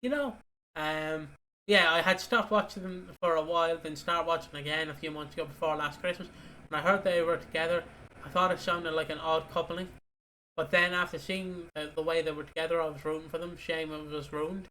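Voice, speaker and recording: A man co-hosting a casual podcast while sick, his voice slightly hoarse. He chats in a jokey, rambling way and swears freely. His voice sits a bit high and sounds bright and tense. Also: steady tone, a little fast, a little hiss or hum. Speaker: podcast co-host.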